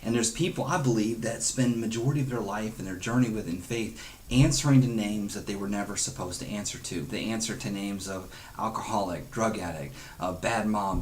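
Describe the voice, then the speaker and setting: A man's voice: fairly low pitch, a little mellow. A man leading a devotional Bible study, earnest and conversational, dropping in chuckles and quoted asides.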